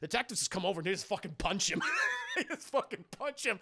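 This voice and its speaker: A man's voice: high-pitched, quick pace, no room sound. A man casually recapping a film on a live stream, swearing freely and talking to his chat. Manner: profane, animated, addresses chat.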